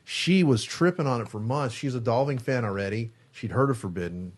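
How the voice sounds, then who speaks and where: A man's voice: mid-range voice, fairly quick. A male guitarist in a studio interview, telling a story casually, acting out quotes and swearing freely. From San Francisco Bay Area. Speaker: guest guitarist.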